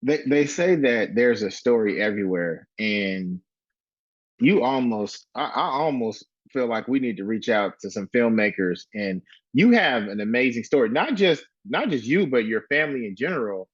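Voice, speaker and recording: A man hosting an interview, enthusiastic but halting, with frequent restarts. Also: mid-range voice, animated, slightly rough, no echo. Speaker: podcast host. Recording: dry, slightly dull sound.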